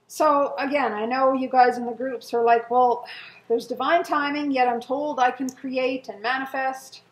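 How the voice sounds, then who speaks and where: Middle-aged woman, somewhat high voice, earnestly reading her old journal entries aloud in an echoey room. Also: fairly even intonation, moderate pace. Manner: earnest and emotional, with soft laughs and sighs. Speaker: co-host.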